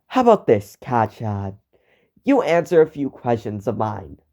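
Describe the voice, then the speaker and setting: A young man voicing a furious young male hero who yells his grievances, in an amateur fan story reading. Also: mid-range voice, very animated, unhurried, voice pushed down. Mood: cold. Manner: angry, yelling.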